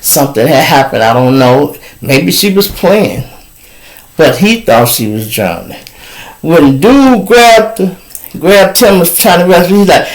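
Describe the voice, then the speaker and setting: A man hosting his show, telling a story in a casual, animated, profane way and laughing between lines. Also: high-pitched, unhurried, poor audio. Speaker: show host.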